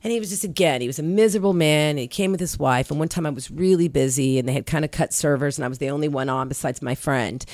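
A woman guest on a comedy podcast, telling profane stories in a lively way and acting out the people in them. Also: deep voice, quick pace, few pauses, no echo, clean studio sound. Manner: animated, profane, acts out the people in her stories. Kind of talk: casual chat, comic storytelling.

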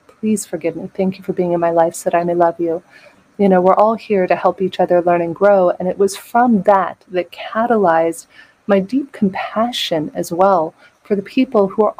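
Lowish-voiced middle-aged woman, dramatic storyteller, does the voices, laughs a lot. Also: a little mellow, rough recording. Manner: dramatic, acts out quoted voices, laughs often. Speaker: podcast guest. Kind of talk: candid storytelling in an interview.

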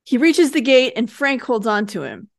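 A woman's voice: a little high, big pitch swings, normal speed, creaky, dry recording, studio quality. A woman co-hosting a podcast, casually retelling a TV episode's plot and acting out the characters' lines in passing. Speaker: podcast co-host recapping a TV episode. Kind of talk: casual recap narration.

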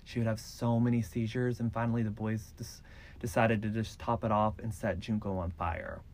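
A man's voice: lowish voice, little pitch movement, normal speed, darkish tone. A man hosting a podcast who retells a true-crime case in a loose, casual way, full of "like" and "so". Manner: loose, filler-heavy retelling with "like" and "so". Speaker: podcast host.

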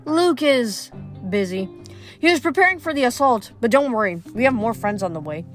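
A woman's voice: on the high side, animated, moderate pace, faint music behind, lightly acted. A woman reading aloud, voicing a cruel, mocking female demon in a storybook.

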